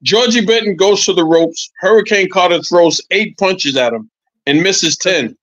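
A man in his sixties, a former boxer, telling animated, profane stories as a podcast guest, repeating his points. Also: high voice, moderate pace, no room sound, muffled recording. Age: 60s. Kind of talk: casual podcast chat.

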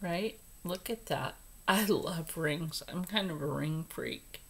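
Slow-talking woman gushing over jewelry. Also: low-pitched, fairly bright tone, slightly rough, low-quality recording. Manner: chatty, gushing over jewelry, drifts into whispers. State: congested from allergies. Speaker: vlogger. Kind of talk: casual jewelry unboxing chat.

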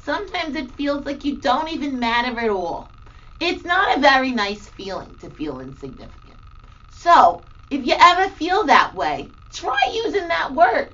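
A cheerful, playful grandmother, played by a woman, hosts a children's feelings segment in a high, swooping voice. She speaks slowly and exclaims often. The recording is distant and dull. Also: exaggerated voice. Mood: bubbly. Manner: bubbly, animated, exclamatory. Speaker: segment host. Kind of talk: children's educational show acting.

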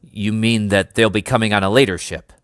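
A man's voice: fairly low pitch, steady tone, fairly quick, no room sound, clean studio sound, close to an everyday voice. A man doing an indignant army sergeant. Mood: protesting. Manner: protesting, barely polite.

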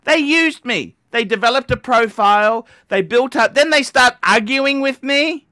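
A man hosting a live stream, ranting and swearing at callers, bursting into shouts. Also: very high voice, measured pace, few pauses, no echo, studio quality. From Australia. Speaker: livestream host.

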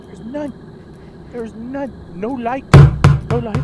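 A man's voice: very high-pitched, sing-song, moderate pace, long pauses, heavy background noise. Panicky, swearing gamer man. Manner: panicky, swearing, repeats himself. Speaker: gaming video host. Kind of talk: let's play commentary.

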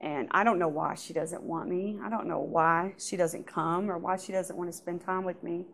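A woman with a somewhat low voice shares her personal church testimony. She speaks haltingly and softly, and her sentences often trail off. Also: steady tone, a little hiss or hum. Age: adult.

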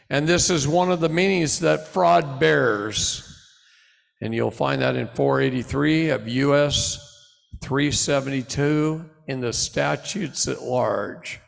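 A middle-aged man delivers a live seminar talk in a preaching style, his voice rough and gravelly at a middle pitch. He swings from loud, rising bursts to low, quiet asides. The sound carries a long reverb from a large hall. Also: takes it slowly. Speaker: seminar speaker.

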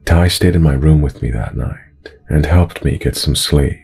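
Male horror narrator: very low, husky, slow and measured, soft music bed. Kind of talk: scripted horror story narration. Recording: narration over background music.

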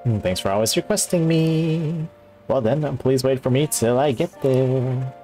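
A man's voice: mid-range voice, measured pace, warm tone, soft background music, voice pushed up, close to an everyday voice. A man voicing a tired, caring young woman teacher who works as a maid, reading her lines in a sweet, fussing way.

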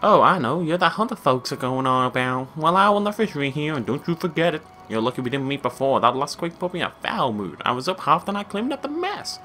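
A fussy, fretting woman fishmonger from a video game, as a man puts her on, with a broad, clumsy American Southern accent. She talks high and mothering, and the voice is bright and lively. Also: fast talker, few pauses, faint music behind. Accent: American Southern, badly done. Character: fussy middle-aged woman fishmonger, worried.

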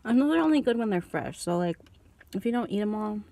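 A woman's voice: mid-range voice, lively intonation, fast, vocal fry, dark tone, no room sound. A young woman vlogger eating lunch in her parked car, rambling casually into her phone and coughing now and then. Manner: rambling, chatty, eating and coughing while talking. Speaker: beauty vlogger. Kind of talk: casual mukbang chat. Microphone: phone held in hand.

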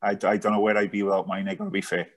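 A man's voice: on the low side, little pitch movement, very fast. A man in his thirties, a podcast guest, chatting casually and often asking "do you know what I mean". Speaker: guest, charity founder. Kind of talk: casual chat.

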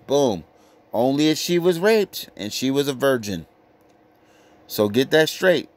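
A man preaching in a blunt, profane rant, lecturing his listeners hard. He reads out verses slowly and with weight, then snaps back into crude street talk. His voice sits at an ordinary middle pitch. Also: expressive, no room sound.

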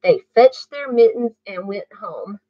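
A woman reading a bedtime story aloud to children, pausing to ask the listener questions. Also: medium pitch, lively intonation, dry recording. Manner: slow, asks the listener questions. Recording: muffled dry recording.

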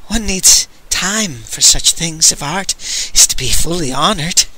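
A man's voice: a little high, animated, unhurried, bright, forceful tone, full character voice, poor audio. A man doing a hissing frog-like torturer. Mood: gleeful. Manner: hissing, wet-lipped relish. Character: sly hissing sadistic male torturer, frog-like.

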